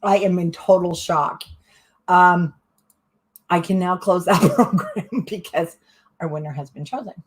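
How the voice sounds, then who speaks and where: A middle-aged woman hosting a live crafting stream, chatty, excitable and often breaking into giggles. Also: fairly low pitch, a little slow, long pauses. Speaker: crafting channel host.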